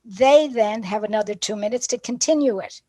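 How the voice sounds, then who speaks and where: A woman's voice: fairly high pitch, normal speed, dry recording. A woman teacher trainer giving a professional development talk, telling classroom stories and acting out the dialogue. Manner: lively storyteller who acts out classroom dialogue.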